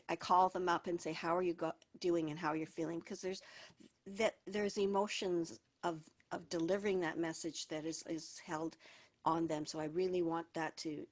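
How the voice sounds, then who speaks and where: Chatty woman hosting a business webinar. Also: on the low side. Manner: conversational, with frequent restarts and repeated words. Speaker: webinar host and HR consultant.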